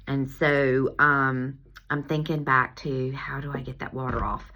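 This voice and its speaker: A woman with a low voice and a bright, forceful edge tells a story, acting out her own exclamations, laughing as she goes. She talks like a chiropractor sharing a personal tale, loose and conversational, in a casual vlog. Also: unhurried. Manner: animated, laughing, lively retelling with acted-out exclamations.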